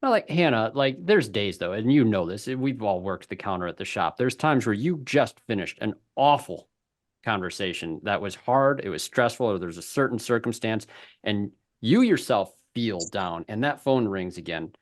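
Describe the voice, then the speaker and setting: A man's voice: fairly low pitch, animated, moderate pace. A man hosting a webinar in casual conversation, telling stories and laughing often. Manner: chatty storyteller, laughs often. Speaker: webinar host.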